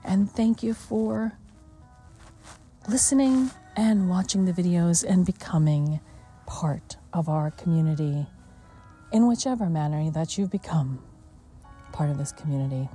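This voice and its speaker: A woman hosts a reflective mindfulness talk at a slow, unhurried pace. Her voice is very mellow and dark, a little lower than most, and now and then drops to a near hush. Faint music plays behind her. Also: husky. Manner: gentle and unhurried, with soft laughs and hushed moments. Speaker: mindfulness podcast host.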